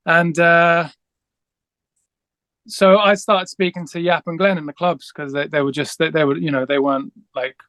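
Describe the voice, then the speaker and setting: A man's voice: a little high, little pitch movement, normal speed, a bit bright, no echo. A man, a guest musician, telling a long story in a casual interview, rambling with many restarts and acting out the dialogue.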